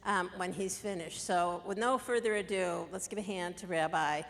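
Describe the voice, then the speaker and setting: A woman's voice: on the low side, normal speed, gravelly, long reverb tail, noisy background. A woman introducing a guest speaker to an audience in a chatty, easygoing way. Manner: chatty, light laughter between lines. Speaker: event introducer.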